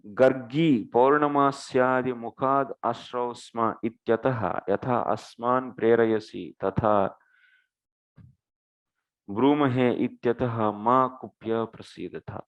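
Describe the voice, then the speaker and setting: Man, scripture lecturer, recites Sanskrit then explains, slow unhurried delivery. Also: mid-range voice, lo-fi sound. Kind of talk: scripture class with Sanskrit verses.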